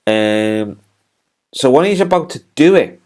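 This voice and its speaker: A man's voice: mid-range voice, animated, a little slow, darkish tone, slight background noise. A man casually reviewing a TV episode, retelling the plot in a rambling way with many restarts and fillers.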